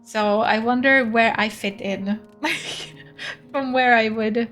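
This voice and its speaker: A woman's voice: a little high, steady tone, slow, fairly bright tone, faint music behind. A young woman from Sweden, a streamer chatting casually and giggling as she plays a game. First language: Swedish. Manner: chatty and giggly, reads game text aloud. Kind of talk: casual gameplay chat.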